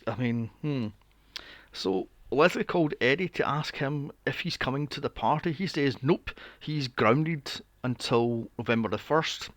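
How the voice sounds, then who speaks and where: A man's voice: medium pitch, a little slow, no room sound. A young man recapping a film on a podcast, sarcastic and swearing freely with mocking asides. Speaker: podcast co-host. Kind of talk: casual movie recap chat.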